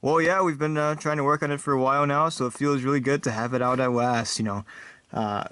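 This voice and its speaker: A cheerful superhero guest who answers in a relaxed, everyday voice, as a man puts him on. He is easygoing and a little rambling. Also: medium pitch, a little fast, clear, resonant tone, no echo, lightly acted. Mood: casual. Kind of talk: comedy sketch.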